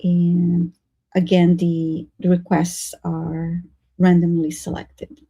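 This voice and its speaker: Gravelly low-ish woman doing psychic readings on a live stream, halting, lots of ums. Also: monotone, mellow. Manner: hesitant, halting, many fillers. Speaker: psychic reader and co-host.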